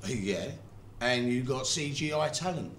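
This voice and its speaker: A man's voice: medium pitch, lively intonation, unhurried, a bit bright. An actor playing a sarcastic, brusque film director who insults his cast.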